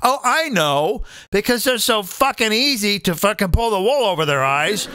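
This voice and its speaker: Male comedy host, high and bright, big pitch swings, dry close sound, profane rant. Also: moderate pace. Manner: animated, profane, addresses viewers as folks. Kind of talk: live comedic political rant.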